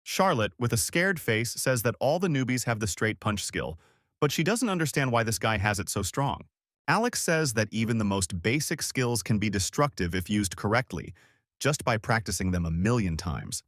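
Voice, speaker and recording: Lively-voiced male recap narrator. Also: fairly low pitch, normal speed, dry recording, clean studio sound. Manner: steady present-tense plot summary. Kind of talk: scripted story recap narration.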